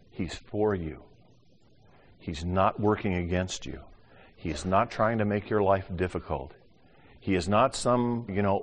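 Older male preacher in a reverberant hall. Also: low-pitched. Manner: animated, acts out voices, swings from loud to hushed. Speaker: pastor. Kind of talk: sermon.

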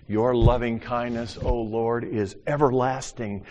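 An older man preaching a sermon as pastor, animated, acting out little voices and swinging from loud to hushed. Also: on the low side, normal speed, a little hiss or hum. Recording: long hall reverb.

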